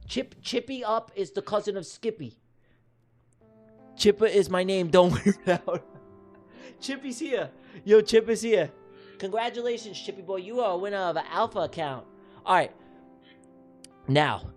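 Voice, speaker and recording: Excitable livestream host calling a race. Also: medium pitch, moderate pace, pauses often, soft background music. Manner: teasing, excitable, repeats silly nicknames. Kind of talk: playful giveaway race commentary.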